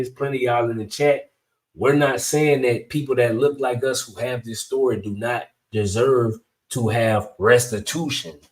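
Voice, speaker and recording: A man hosts a political commentary channel in a blunt, slang-filled style. He talks directly to his viewers at an ordinary, middling pitch. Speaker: channel host.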